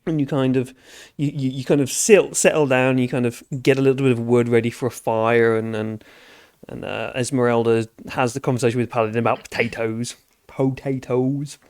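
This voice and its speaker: A man's voice: mid-range voice, little pitch movement, brisk, darkish tone, clear, resonant tone, no echo, studio quality. A man narrating a tabletop game as game master, rambling with many fillers and restarts.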